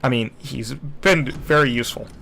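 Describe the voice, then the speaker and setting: Bright-voiced man narrating a game replay. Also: mid-range voice, normal speed, vocal fry. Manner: chatty, self-deprecating, acts out his own past thoughts. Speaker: gameplay commentator. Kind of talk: casual game replay commentary.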